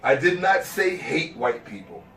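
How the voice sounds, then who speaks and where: Interview guest, male, high-pitched, preacherly and emphatic, recorded far from the mic in an echoey room. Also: big pitch swings, a little slow, a bit bright. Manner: emphatic, preacherly, repeats phrases for stress. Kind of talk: impassioned lecturing in conversation.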